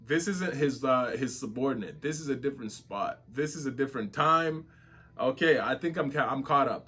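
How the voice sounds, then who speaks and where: A man giving casual, excitable, slang-filled reaction commentary as a webtoon reactor. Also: medium pitch, normal speed.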